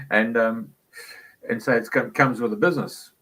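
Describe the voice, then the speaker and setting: A man's voice: mid-range voice, fairly even intonation, a little slow, pauses often, a bit bright, poor audio. A man hosting a radio talk show, telling a casual anecdote in a chatty way. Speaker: radio host. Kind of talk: casual storytelling.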